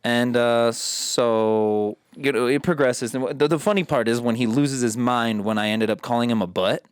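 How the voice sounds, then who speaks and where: A man hosting a casual podcast, telling stories in an animated way and swearing freely. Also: mid-range voice, moderate pace, clean tone, no room sound. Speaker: podcast host.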